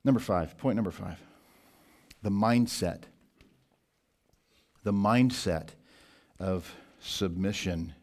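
Male pastor, expository sermon, low voice, deliberate teaching pace, slows for scripture. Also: a little mellow.

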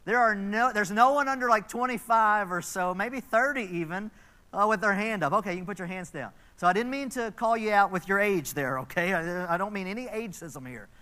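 A pastor in his fifties gives a conversational church sermon, telling stories and making chatty asides to the congregation. His voice sits high and is bright and forceful, and he talks a little fast.

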